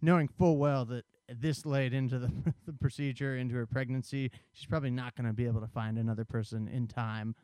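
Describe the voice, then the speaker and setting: Man, podcast co-host, casual film talk, smooth clear voice, dry close sound. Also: medium pitch, steady tone, brisk, hardly any pauses, darkish tone, no echo. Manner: conversational, explains plot at length.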